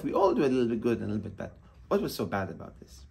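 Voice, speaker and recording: Husky, animated rabbi preaching. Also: male voice, mid-range voice, fast. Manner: impassioned, emphatic preaching mixing in Hebrew terms. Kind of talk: sermon.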